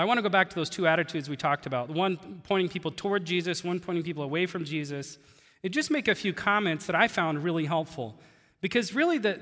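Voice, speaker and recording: A pastor preaching a sermon in a conversational, animated way, laughing now and then as he teaches. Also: high-pitched, big-room sound.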